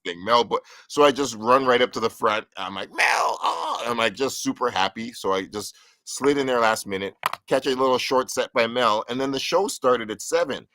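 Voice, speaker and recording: A man casually telling a lively story on a live talk show, acting out what people said with sudden jumps in pitch. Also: brisk, no echo. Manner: animated, acts out quotes with big pitch jumps. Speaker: co-host.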